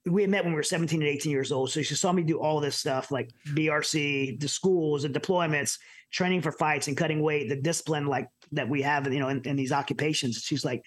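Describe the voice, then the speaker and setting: A middle-aged man from the United States telling his personal story as an interview guest, earnest and halting with many restarts. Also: on the high side, fairly even intonation. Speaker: podcast guest.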